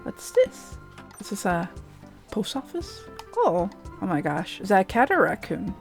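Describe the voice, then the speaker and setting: A woman's voice: medium pitch, sing-song, measured pace, vocal fry, faint music behind. A woman streamer chatting casually while playing a game, laughing often and filling with lots of likes.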